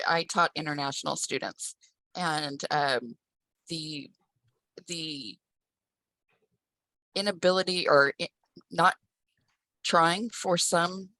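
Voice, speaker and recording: A woman's voice: lowish voice, sharp tone, no room sound, poor audio. A woman and former teacher joining a discussion, speaking earnestly with restarts. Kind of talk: casual discussion.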